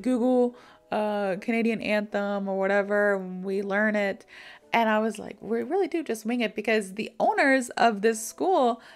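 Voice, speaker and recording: A young American woman from Florida, an English teacher telling a casual story to teach an idiom, animated and laughing often as she acts out the people in it. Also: on the high side. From Florida, USA.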